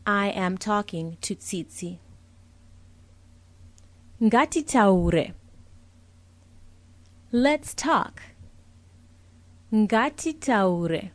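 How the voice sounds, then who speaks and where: A young woman speaks as a language teacher, unhurried and patient, spelling out each word and repeating it so it sinks in. Her voice sits in a middle range and is recorded close and dry, with no room sound around it. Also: medium pitch, expressive, no echo. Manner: patient, clear, explains each word with a translation. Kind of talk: slow, deliberate vocabulary lesson, repeating each word.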